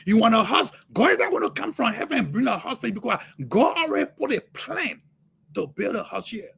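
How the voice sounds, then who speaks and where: Fervent gravelly man preaching. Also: extremely high pitch, expressive, a little fast. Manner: fervent, repeats words, sudden shouts. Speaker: motivational speaker. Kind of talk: impassioned livestream preaching.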